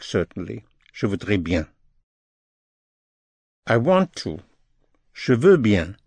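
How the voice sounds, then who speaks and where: A man teaching French phrases as a language lesson, speaking slowly and deliberately, repeating each phrase in English and French. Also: fairly low pitch, darkish tone, no room sound.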